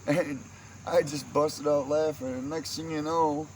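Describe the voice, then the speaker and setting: A man's voice: on the high side, steady tone, a little slow, a little mellow. A man casually telling funny family stories in a rambling way, chuckling at his own tales. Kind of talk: casual storytelling monologue. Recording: noisy background.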